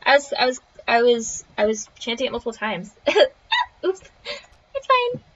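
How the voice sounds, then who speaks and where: A woman's voice: fairly high pitch, very animated, moderate pace, slightly rough. A woman streaming a game, playful, reacting casually and chanting nonsense syllables. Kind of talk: casual gameplay commentary. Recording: crunchy, dull lo-fi stream audio.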